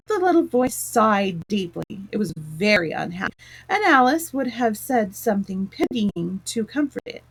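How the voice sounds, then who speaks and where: A woman reading a children's storybook aloud in a gentle, expressive way. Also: mid-range voice, normal speed, gravelly, breathy edge, low-quality recording.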